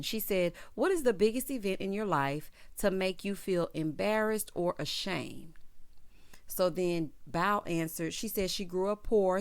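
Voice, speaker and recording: A woman host giving a casual, sassy recap of a reality show, talking with features and peppering her speech with "honey" and "child.". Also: fairly low pitch. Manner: sassy, chatty, full of "honey" and "child" asides.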